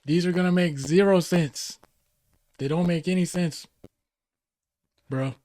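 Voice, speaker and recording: Comic bit: male podcast host voicing a cocky street tough, higher and louder than his own voice, drawled slang. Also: expressive, takes it slowly, slightly rough, dry recording, exaggerated voice. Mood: swaggering. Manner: drawling slang, tagging on "Holmes" and "eh". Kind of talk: comedic put-on accent in podcast chat.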